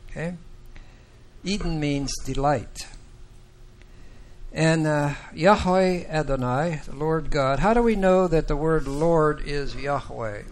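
A man with a voice on the high side leads a Bible class, explaining verses with deliberate emphasis and asking the class questions.

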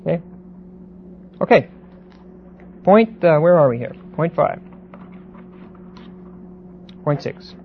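A man lecturing a Bible class, pausing and repeating words and often checking that students follow. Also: on the high side, expressive, creaky. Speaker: Bible teacher. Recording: dull lo-fi recording with faint hiss.

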